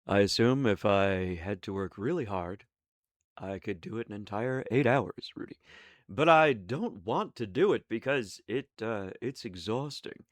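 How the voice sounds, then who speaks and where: A man streaming live with a deep, smooth, radio-like voice that is a little hoarse, telling things in a wry, unhurried way. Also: expressive, no echo, studio quality. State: slightly hoarse from oncoming cold. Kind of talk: casual live-stream chat.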